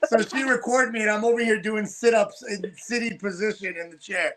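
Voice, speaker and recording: A middle-aged man, a wrestler, telling lively stories in an interview and laughing as he acts out what others said. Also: high voice, a little fast. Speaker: wrestler in a father-daughter tag team. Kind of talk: animated storytelling in an interview.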